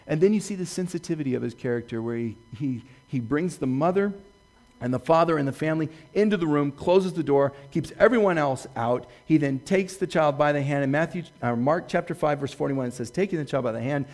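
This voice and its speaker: A man preaching a sermon, retelling Bible stories with lively swings from hushed quoting to excited bursts. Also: fairly high pitch. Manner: animated storytelling, jumping from hushed to excited; quotes scripture slowly and softly. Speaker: pastor.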